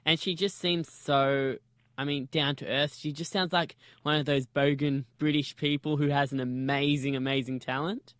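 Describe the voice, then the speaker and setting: A man's voice: on the high side, fairly even intonation, normal speed, no echo. A man hosts a casual interview. He explains things in hesitant bursts and laughs easily, his voice close and dry.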